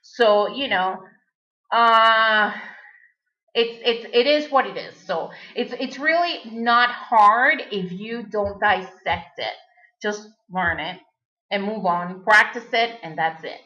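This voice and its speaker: A woman's voice: mid-range voice, slow pace, sharp tone. A native Spanish-speaking woman giving a recorded language lesson, patiently repeating words for the learner. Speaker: Spanish teacher. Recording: dull lo-fi recording.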